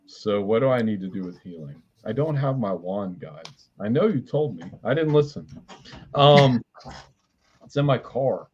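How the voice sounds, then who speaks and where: A man's voice: fairly low pitch, expressive, unhurried, darkish tone. Brief: male spiritual reader, blunt and profane, rambling delivery, muffled stream audio. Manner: blunt, swears casually, rambling restarts. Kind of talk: live spiritual reading.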